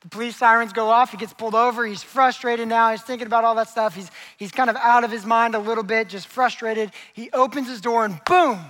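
A young man preaching a sermon as a pastor, telling stories with lively acted-out characters. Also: very high-pitched, brisk, hardly any pauses, poor audio. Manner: animated storytelling, acts out characters.

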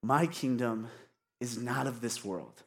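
A preacher giving voice to a calm, gentle king, a grown man who speaks softly and without haste. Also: mid-range voice, normal speed, creaky, voice pushed down.

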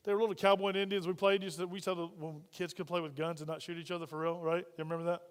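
A man preaches at a racing pace, his voice a little high, clean in tone, with little pitch movement. His sermon is conversational, full of questions for the congregation, and the church hall gives it a long reverb.

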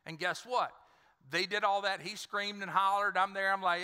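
High, piercing male preacher in a hall. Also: steady tone, moderate pace, bright, forceful tone, clean tone. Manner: conversational storytelling with humor and repeated words. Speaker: pastor. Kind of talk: sermon. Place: church.

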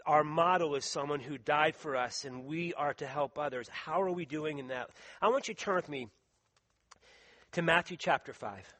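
A man delivering a sermon in a church, his voice sitting quite high for a man. He reads scripture and presses his points earnestly, drawing out the words that matter. A tickle in his throat keeps him clearing it and coughing. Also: normal speed, sharp tone. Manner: earnest, emphatic, stretches out key words. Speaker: preacher.

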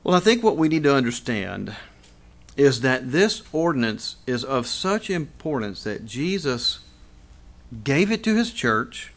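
A man's voice: mid-range voice, very animated, a little slow. A middle-aged pastor preaching a conversational sermon, asking rhetorical questions and restarting phrases as he goes.

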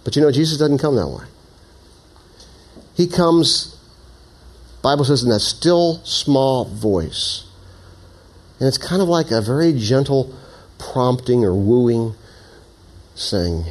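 A man preaching a sermon as pastor, joking with the congregation and then praying quietly. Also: mid-range voice, slow, long pauses, breathy edge. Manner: jokey and animated, then hushed and earnest in prayer.

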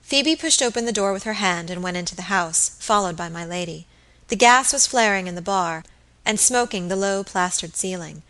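Bright-voiced woman narrating a novel. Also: medium pitch, animated, moderate pace, rough recording. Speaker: audiobook narrator. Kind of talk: scripted narration of a classic novel.

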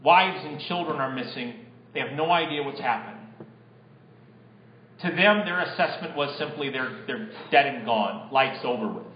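A man's voice: medium pitch, expressive, normal speed, a little hiss or hum. A male pastor preaching a sermon to his congregation, putting rhetorical questions to them. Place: church. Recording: echoey, dull lo-fi church recording.

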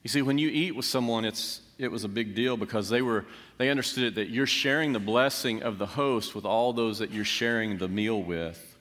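A man's voice: on the low side, moderate pace, fairly bright tone. Earnest male preacher in reverberant hall. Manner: earnest, preaching with rising emphasis and rhetorical questions. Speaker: pastor. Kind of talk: sermon. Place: church sanctuary. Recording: long church hall reverb.

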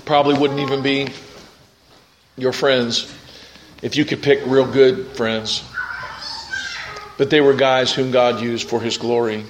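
A man preaching a sermon and leading a prayer as pastor, impassioned and climbing to high, fervent peaks. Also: flat delivery, a little slow, long pauses, slight background noise, rough recording.

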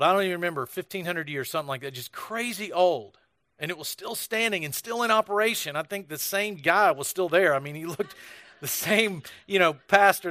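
An American pastor preaches a sermon, telling stories conversationally and restarting his sentences often. His voice is a little high with a fairly bright tone, and there's no room sound.

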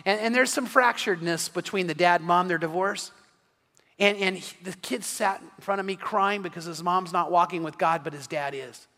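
A man's voice: high-pitched, normal speed, sharp tone, big-room sound. A middle-aged man preaching an evening sermon as pastor, earnest and often repeating words as he starts a phrase.

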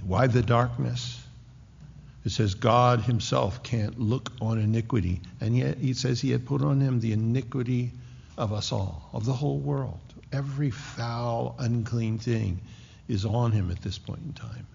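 A man preaching a sermon with a dramatic delivery, rising to loud declarations and dropping to hushed tones. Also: mid-range voice, unhurried, vocal fry, breathy edge. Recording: dull lo-fi recording in a reverberant hall.

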